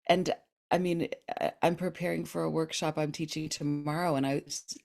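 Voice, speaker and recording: A woman's voice: sits low, level tone, normal speed, gravelly, a little mellow. A woman hosting a podcast in casual chat with a guest, talking effusively and laughing often. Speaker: podcast host.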